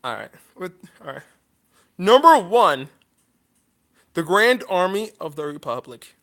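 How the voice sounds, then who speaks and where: A man's voice: high-pitched, very animated, unhurried, vocal fry, fairly bright tone. A man talking to his channel's viewers in a casual vlog monologue, rambling and apologetic, full of restarts, and emotional. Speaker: YouTuber.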